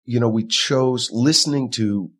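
A man, an actor, talking through his work in a relaxed interview, thoughtful and rambling with many fillers. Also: medium pitch, measured pace, husky. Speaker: actor in the play. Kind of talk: conversational interview.

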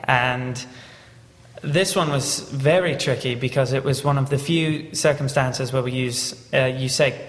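A young man who grew up in the American South, a stage actor talking in a relaxed, self-deprecating way about learning an accent for a play. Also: mid-range voice, unhurried, big-room sound. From Southern United States. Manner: relaxed, self-deprecating, trails off into small restarts. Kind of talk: interview chat.

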